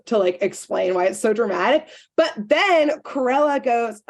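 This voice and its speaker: A woman co-hosting a casual podcast, walking through a cartoon episode scene by scene. She talks in an animated way, slipping into the characters' lines and sprinkling in "like" as she goes. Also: on the high side, unhurried. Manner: animated retelling, acting out characters' lines with lots of "like". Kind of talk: casual chat.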